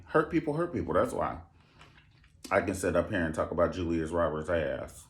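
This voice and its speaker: A man hosting a casual comedic talk show, sassy and animated, breaking into high mocking impressions. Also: normal speed. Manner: sassy, animated, calls listeners honey and baby. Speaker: host.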